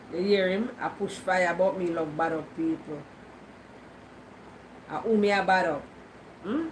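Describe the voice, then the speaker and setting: A woman's voice: on the low side, takes it slowly, pauses often, a little hiss or hum, rough recording. A Jamaican woman vlogging in casual Patois, teasing and answering her viewers' comments. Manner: teasing, talks back to comments.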